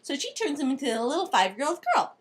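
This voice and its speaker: A woman's voice: sits high, very animated, fast talker. A woman improvising a silly story, giggly and rambling.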